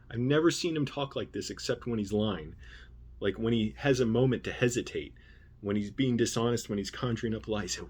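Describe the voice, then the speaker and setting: A man with a low, husky voice rants about an old job in a casual storytime manner. He is indignant and swears freely, often breaking off into asides. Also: fast talker. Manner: indignant and profane, trailing off into asides. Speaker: vlogger.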